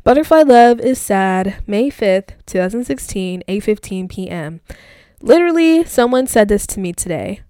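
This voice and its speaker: A woman's voice: mid-range voice, lively intonation, normal speed, dark tone, no room sound, studio quality. A young woman vlogger chatting casually, reading her old posts aloud in a rambling, filler-heavy way.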